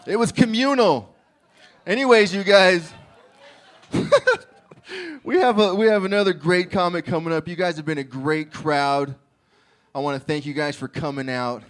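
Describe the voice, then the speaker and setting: A man's voice: on the high side, lively intonation, normal speed, long pauses. A man doing a crude stand-up set, telling stories and laughing at his own jokes. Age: adult with a child. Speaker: stand-up comedian.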